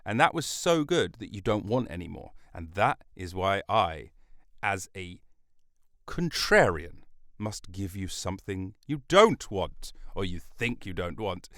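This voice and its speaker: A man's voice: deep voice, big pitch swings, unhurried, fairly bright tone, dry recording, clean studio sound. Rambling, jokey male podcast host. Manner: rambling, jokey, self-mocking asides. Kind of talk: solo podcast monologue. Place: recording studio. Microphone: studio mic.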